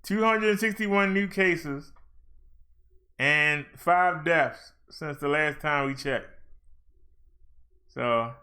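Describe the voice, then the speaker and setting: Bright, chatty male minister. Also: fairly high pitch, very slow, long pauses. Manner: chatty, jokey, excited when reading numbers. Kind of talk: casual livestream chat.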